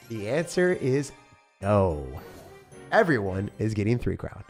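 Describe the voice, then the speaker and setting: A young man commentating his own gameplay as a streamer, excitable and sarcastic, mocking what he complains about. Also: on the low side, measured pace. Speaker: game streamer. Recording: faint music behind.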